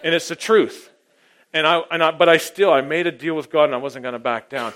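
A middle-aged man preaching a sermon, telling his own story and swinging from hushed asides to loud, emphatic points. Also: on the high side, fairly quick. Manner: personal testimony, dynamic, swings from hushed to loud. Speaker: pastor.

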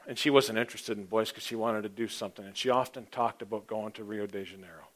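A man preaching an informal, rambling sermon, often clearing his throat and swinging between loud emphasis and near-quiet asides. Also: fairly low pitch, fairly quick.

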